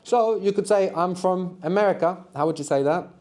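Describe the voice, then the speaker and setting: A man's voice: sits high, moderate pace, darkish tone. A man teaching a live beginners' language workshop, patiently explaining and prompting students to answer.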